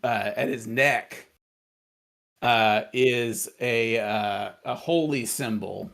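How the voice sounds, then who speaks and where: A man narrating as game master in a tabletop game, joking and punning as he slowly describes the scene. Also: medium pitch, creaky, fairly bright tone.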